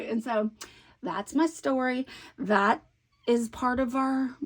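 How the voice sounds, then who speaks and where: A woman in her fifties chatting casually about her craft projects, rambling and animated and laughing easily as she tells a story. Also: on the high side, normal speed. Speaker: scrapbooking vlogger.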